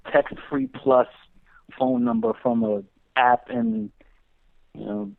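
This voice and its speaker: Gravelly man on a tinny phone line. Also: mid-range voice, very animated, slow pace. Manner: chatty, with a lot of fillers and restarts. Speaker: podcast guest. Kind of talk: casual comedic chat.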